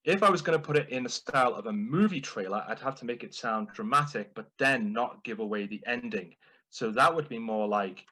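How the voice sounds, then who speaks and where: A man's voice: medium pitch, expressive, pushed and bright, rough recording. A man delivering a playful, humorous prepared speech at a speaking club. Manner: playful, deliberate.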